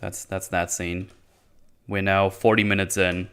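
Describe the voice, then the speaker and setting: A man's voice: low-pitched, flat delivery, unhurried, fairly bright tone, clear, resonant tone. Male reviewer, casual profane rant, sarcastic mockery. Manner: profane, sarcastic, mocks characters in silly voices. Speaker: video reviewer.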